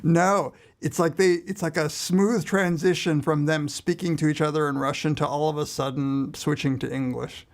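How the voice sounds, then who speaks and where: Gravelly higher-voiced man, wry chat. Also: fairly even intonation, normal speed, hardly any pauses. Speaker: podcast co-host or guest. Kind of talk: casual chat.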